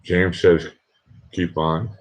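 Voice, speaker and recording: A man chatting casually on a live stream, keeping his voice hushed and rambling as he reads out his chat, at home at night. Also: deep voice, fairly even intonation, takes it slowly. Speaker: livestreamer. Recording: dull lo-fi sound.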